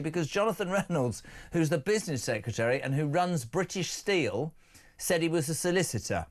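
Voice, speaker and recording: A man's voice: fairly high pitch, lively intonation. A middle-aged man hosting a live phone-in talk show, reading out texts and talking with blunt, joking asides. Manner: brisk, jokey and blunt. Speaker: radio phone-in host.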